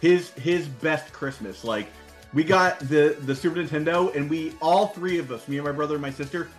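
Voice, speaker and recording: Eager man telling stories, slightly high voice. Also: normal speed, faint music behind. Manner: enthusiastic storyteller, repeats words when excited. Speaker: podcast host. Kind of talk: casual chat.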